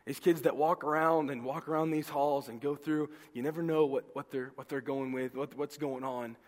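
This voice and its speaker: Man, pastor, sermon to teens, earnest, raised pitch, long reverb. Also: steady tone, normal speed. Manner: earnest, repeats and restarts words.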